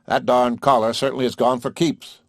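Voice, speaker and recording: A man's voice: mid-range voice, little pitch movement, brisk, dry recording, studio quality, close to an everyday voice. A man reading an audiobook, voicing an easygoing, practical small-town husband who talks in a folksy, casual way.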